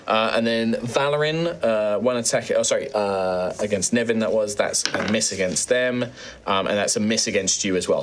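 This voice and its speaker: A man's voice: on the low side, slight background noise. Laid-back male game master. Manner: relaxed, chatty, lots of fillers. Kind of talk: running a tabletop game.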